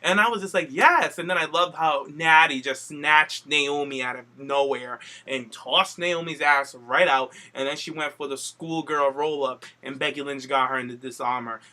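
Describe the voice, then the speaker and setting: Guy cohosting a podcast, kinda high bright voice, animated, swears a lot, acts out quotes. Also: moderate pace, few pauses. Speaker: podcast co-host. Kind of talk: casual chat.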